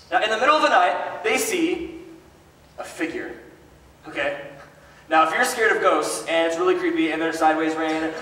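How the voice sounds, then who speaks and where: A man preaching a sermon in a casual storytelling way, joking and animated with chatty asides. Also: on the high side, normal speed. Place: large hall. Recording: echoey hall from far off.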